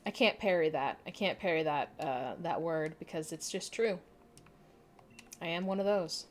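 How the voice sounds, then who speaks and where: A woman's voice: sits low, moderate pace, a little hiss or hum. A young adult woman chatting casually on a live stream, answering viewer comments in a candid, rambling way with frequent laughs and casual swearing.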